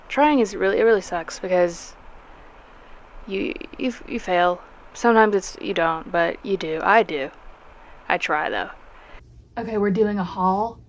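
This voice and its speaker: A woman's voice: lowish voice, slight background noise. A young woman with a Southern US accent, chatting through her weekly vlog in a rambling, self-deprecating way, often restarting her sentences. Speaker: vlogger. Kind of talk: casual chatty vlog narration.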